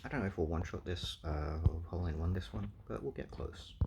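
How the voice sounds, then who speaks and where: A man's voice: low voice, lively intonation, fast talker, vocal fry, heavy background noise. A man thinking aloud through a language guessing game, explaining sounds with many ums and uhs. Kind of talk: casual explanatory commentary.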